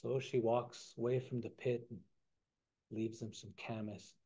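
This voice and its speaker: A man retelling a traditional story in a relaxed, conversational way during a talk, on a dull lo-fi recording. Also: mid-range voice, measured pace, slightly rough. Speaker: storyteller and science lecturer.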